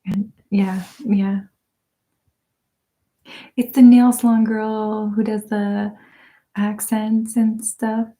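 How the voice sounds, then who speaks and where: Soft-spoken woman host chatting slowly. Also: medium pitch, level tone. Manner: soft-spoken, drifting into whispers, laughs often. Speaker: ASMR channel host. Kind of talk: casual live-stream chat.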